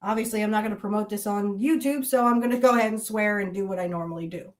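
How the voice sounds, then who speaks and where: A woman's voice: medium pitch, fast talker. A woman hosting a podcast, delivering a heated, profane, accusatory monologue full of repeated rhetorical challenges. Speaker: podcast host. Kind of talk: angry monologue rant.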